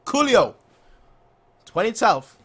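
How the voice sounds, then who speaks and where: A man hosting an animated football reaction vlog, excitable and playful, repeating his phrases and laughing often. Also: high-pitched, slow pace, husky. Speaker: football fan channel host.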